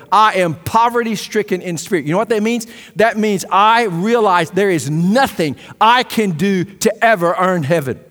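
A man preaching a sermon as pastor, impassioned, swinging between loud emphasis and hushed asides. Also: a little high. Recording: long hall reverb.

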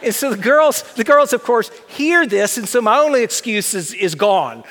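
Bright-voiced middle-aged man telling a story. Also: very high voice, normal speed. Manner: animated, self-deprecating storyteller. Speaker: speaker telling a personal story. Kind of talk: storytelling talk with slides. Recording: long hall reverb.

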